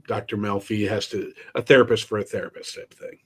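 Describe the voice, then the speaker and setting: Low-voiced podcast co-host chatting. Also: male voice, fairly even intonation, brisk, a bit bright, breathy edge. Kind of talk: casual chat.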